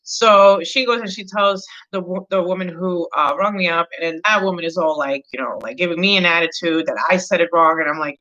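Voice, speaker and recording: A woman's voice: mid-range voice, animated, brisk, pushed and bright, muffled recording. A woman hosting an astrology channel, chatting casually and rambling with lots of fillers as she tells a story. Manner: rambling, many fillers, gets heated retelling a story.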